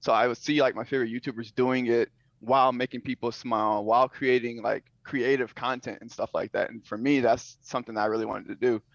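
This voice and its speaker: A young man and former soldier, a guest telling his story in a relaxed, laid-back way with many fillers, heard over a call. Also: mid-range voice, brisk, gravelly, few pauses, no echo. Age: young adult. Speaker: guest streamer. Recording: dull lo-fi call audio.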